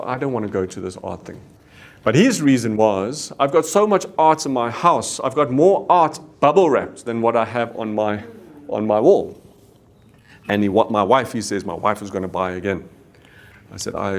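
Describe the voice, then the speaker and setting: A middle-aged South African man, a company CEO, candidly telling a personal story to staff and acting out the dialogue. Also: mid-range voice. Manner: candid storyteller, acts out dialogue, Afrikaans exclamations. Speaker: company CEO giving a talk.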